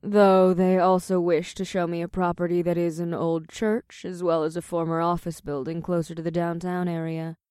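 A man voicing a poised female succubus who runs a club, speaking in a languid, measured, affectionate way. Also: a little high, little pitch movement, a little mellow, clear, resonant tone, no echo, studio quality, pitched above the performer's own voice, natural voice. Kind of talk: audiobook character voice.

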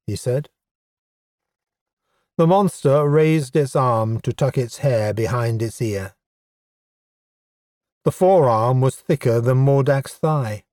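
A man narrating an audiobook in a wry, measured storytelling manner. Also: medium pitch, darkish tone, no echo, clean studio sound. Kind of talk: scripted narration.

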